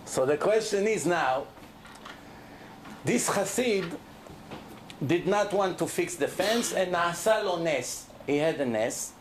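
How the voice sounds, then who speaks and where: A middle-aged rabbi giving a lively Torah lecture to a live audience, speaking emphatically and throwing questions at the listeners. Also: male voice, sits high, slow pace, pauses often, slight background noise.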